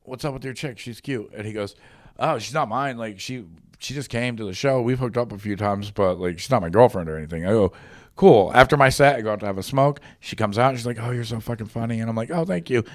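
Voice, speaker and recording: A man's voice: medium pitch, fast talker, no room sound. A man co-hosting a podcast, telling a crude anecdote in casual chat with acted-out quotes. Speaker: podcast co-host. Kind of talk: casual storytelling.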